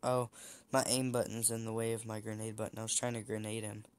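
A young gameplay streamer chats casually while playing a shooter, teasing his opponents and frequently restarting. His voice is lowish and smooth, delivered flatly at a quick pace.

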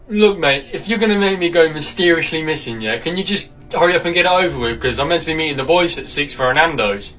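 A man's voice: fairly high pitch, animated, fast talker, hardly any pauses, a bit bright, recorded from a distance, soft background music. A young man playing a cheeky, joking teenage boy sneaking into a film.

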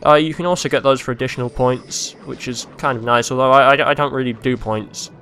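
A young man commentating a video game he is playing, rambling and crude, mocking himself and breaking into silly yells. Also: mid-range voice, fairly even intonation, brisk, soft background music. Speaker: let's play host.

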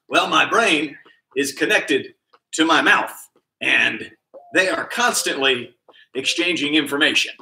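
A high-energy man coaches a kids' PE class live, his bright, sharp voice firing out moves and encouragement without a pause. He sits a little high for a man and sounds like he is moving along with the class. The sound bounces around an echoey room, picked up by a camera mic at some distance. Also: vocal fry, a little hiss or hum. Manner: energetic, upbeat, nonstop coaching patter calling out moves. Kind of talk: live-streamed exercise class.

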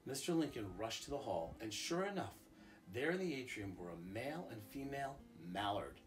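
A man, a school principal, reading a picture book aloud to children in a calm, expressive storytelling voice. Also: medium pitch, normal speed, soft background music.

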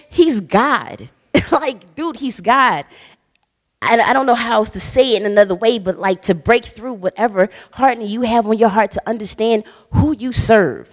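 A woman guest minister giving a casual, conversational sermon, emphatic and bold, with slang and frequent laughter. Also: on the high side. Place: church hall. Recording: long church hall reverb.

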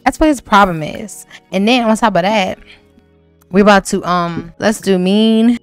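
A young woman hosting a casual let's-play, commenting in an animated, profane way and hyping up the drama. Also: medium pitch, unhurried, clean tone. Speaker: gaming video host. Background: faint background music.

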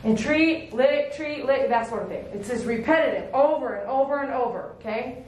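A woman's voice: high voice, normal speed, darkish tone. A woman dog groomer teaching puppy handling in a hands-on demonstration, firm and coaxing, with short repeated commands and praise. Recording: echoey room with faint background noise.

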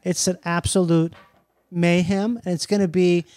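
Comedian guest, man, high voice, animated and profane, dry studio sound. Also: normal speed, no echo. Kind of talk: casual podcast chat.

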